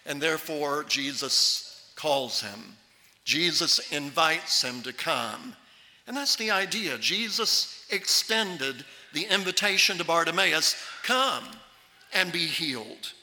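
Male pastor, high bright voice, lively sermon delivery, hall echo. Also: takes it slowly. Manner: animated, acts out the Bible voices.

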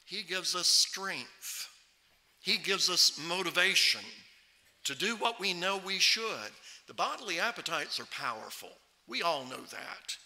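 A male preacher with a high, bright, forceful voice delivers a sermon into a microphone. He talks emphatically and slows almost to a crawl on key words of scripture. The sound rings with the long reverb of a church hall. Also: expressive. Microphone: microphone on a stand.

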